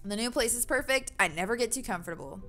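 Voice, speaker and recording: Lady doing a goofy dad w/ a bad aussie-british accent, kinda high, bright. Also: lively intonation, quick pace, soft background music. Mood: cheerful. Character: player dad putting on an over-the-top foreign accent.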